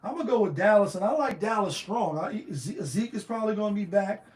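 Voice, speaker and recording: A man runs through his betting picks in a loose, slangy solo talk. His voice sits high for a man, and he keeps throwing out rhetorical questions with animated energy. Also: brisk, echoey room. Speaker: sports betting show host.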